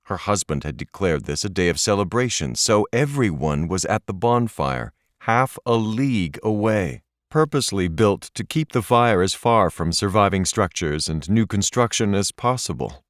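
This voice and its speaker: A man with a lowish voice gives a measured, expressive audiobook reading of scripted narration. It is recorded at studio quality with no room sound.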